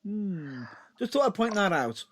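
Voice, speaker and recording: A man co-hosting a podcast in casual chat, animated and prone to stumbling and restarting mid-sentence. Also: high voice, unhurried. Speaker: podcast co-host.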